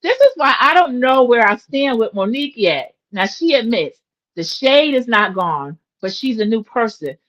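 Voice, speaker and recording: A woman's voice: on the high side, sing-song, moderate pace, a bit bright, highs cut off. A woman in her forties chatting opinionatedly as she recaps a reality TV episode for her viewers. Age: 40s. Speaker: recap host.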